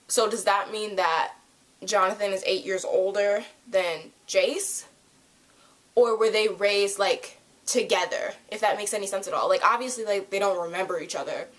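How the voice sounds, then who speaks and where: A young woman reviewing a TV episode in a casual, rambling chat to camera, full of "like" and quick asides. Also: mid-range voice. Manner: rambling, animated, lots of "like".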